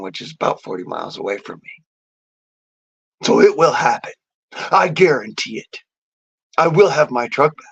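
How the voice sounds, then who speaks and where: Swearing constantly, a male vlogger delivers a defiant, boastful, angry rant straight to camera. He has a medium-pitched, gravelly, husky voice with a fairly bright tone, captured in dull lo-fi audio.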